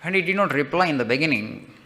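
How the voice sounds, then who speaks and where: A man's voice: on the high side, expressive, fast, sharp tone, faint music behind. A man, a monk giving a spiritual discourse, retelling a legend with frequent "okay" checks and rhetorical lists.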